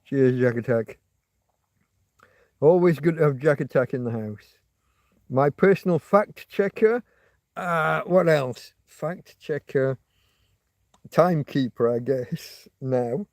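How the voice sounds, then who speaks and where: A man's voice: mid-range voice, lively intonation, slow, pauses often, a little mellow, no room sound. A man hosting a loose livestream chat with viewers from outdoors in a field, talking in a rambling, wry, self-mocking way with frequent restarts. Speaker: livestream host. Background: passing motorbike.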